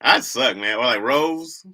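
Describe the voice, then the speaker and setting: Man, Michigan accent, livestream host, casual slangy rambling, lively swinging pitch, sharp bright tone. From Lansing, Michigan, US. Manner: slangy, rambling, laughs often.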